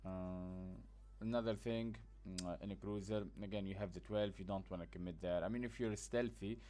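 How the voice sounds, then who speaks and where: A man's voice: low voice, steady tone, moderate pace, mellow. A man giving a casual, blunt gameplay tutorial, sleepy after just waking up, rambling with plenty of fillers. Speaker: gaming guide creator.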